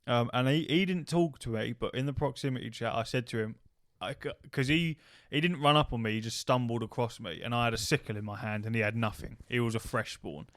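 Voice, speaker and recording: A man tells rambling gaming stories on a casual podcast. He swears freely and acts out the shouting in his tales. His voice sits at a middle pitch and sounds dry and close to the mic. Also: fairly quick, hardly any pauses, no echo. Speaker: podcast co-host. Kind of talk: casual chat, storytelling.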